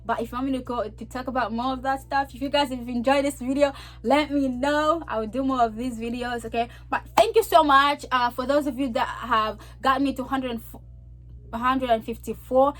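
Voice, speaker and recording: A woman's voice: sits high, steady tone, normal speed, a bit bright, soft background music. A young woman from Zambia with a Zambian accent, talking casually and animatedly to her vlog audience, repeating herself and laughing often. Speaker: vlogger. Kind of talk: casual chat to camera.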